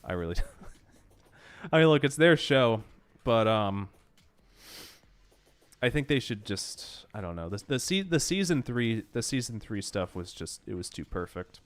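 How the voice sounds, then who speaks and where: A man's voice: lowish voice, very animated, measured pace, pauses often. A young man streaming a game, rambling and swearing with mock exasperation, nose running from allergies. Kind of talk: casual game stream chatter.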